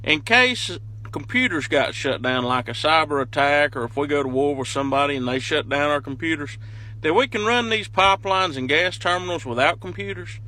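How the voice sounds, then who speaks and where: A young man, a farmer from North Carolina with a Southern accent, talking in a casual, folksy drawl that he slows down on purpose. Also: fairly high pitch, animated, sharp tone, low-quality recording. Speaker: farmer and video creator.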